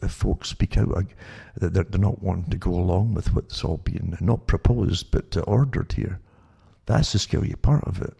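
On his talk show, a man holds forth in a dark, husky voice that is low and heavily gravelly. His talk rambles, circles back on itself and repeats words as it goes.

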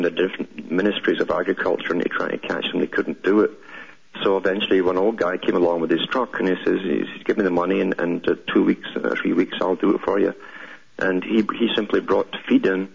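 A man's voice: sits low, vocal fry, husky. An older man hosting a call-in radio show, explaining at length and telling stories to a caller. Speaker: radio talk show host. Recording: muffled radio broadcast audio.

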